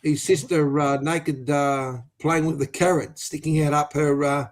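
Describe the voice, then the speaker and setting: A man telling a crude joke on a footy podcast, rambling and halting with lots of fillers. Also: fairly high pitch, level tone. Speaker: podcast panelist.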